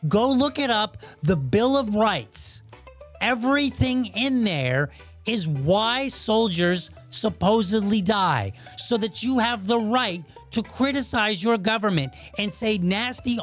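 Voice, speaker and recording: A man's voice: high-pitched, animated, slow, faint music behind. A man hosting his own podcast, delivering a blunt, heated opinion monologue. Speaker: podcast host.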